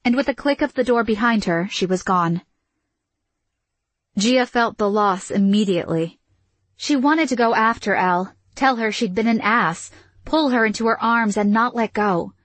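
A woman narrating a novel in a measured, even storytelling manner. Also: on the high side, no echo. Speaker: audiobook narrator. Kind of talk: scripted fiction narration.

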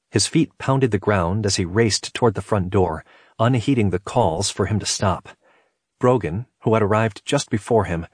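A man reading a novel aloud in steady, measured narration. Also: on the low side, husky, no room sound, studio quality. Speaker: audiobook narrator.

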